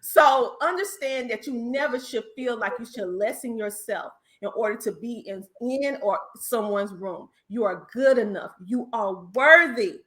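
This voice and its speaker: A woman's voice: on the high side, a little slow, few pauses, a bit bright. A woman with a Southern US accent, a business coach giving an emphatic, preacher-like motivational talk on a video call, calling listeners honey. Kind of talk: motivational speech in an online panel.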